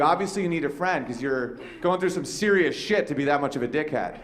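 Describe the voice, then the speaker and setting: A man's voice: on the high side, fast. A man hosting a comedy chat show, telling a story with lots of swearing and acted-out voices. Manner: animated storytelling, acts out quoted voices, swears freely. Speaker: podcast host and comedian.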